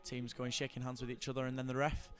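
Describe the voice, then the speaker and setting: A man commentating a hockey match, keen but halting, with many fillers and restarts. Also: medium pitch, monotone, faint music behind. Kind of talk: sports commentary.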